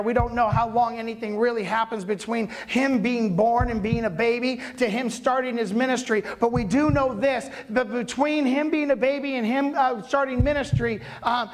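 A man preaching a sermon as a dramatic retelling, repeating words and building up to loud peaks. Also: very high voice, fairly even intonation, normal speed, hardly any pauses, poor audio. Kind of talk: storytelling sermon.

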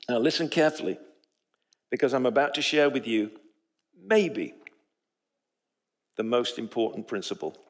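Animated preacher man, lively pitch. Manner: animated storytelling, acts out quoted voices. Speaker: pastor. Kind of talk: sermon. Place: church sanctuary.

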